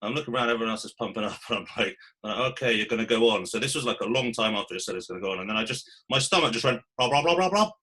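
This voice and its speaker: A man co-hosting a podcast, telling stories in a casual, sweary, animated way. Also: on the low side, very fast, hardly any pauses, slightly rough. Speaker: podcast co-host. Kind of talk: casual chat.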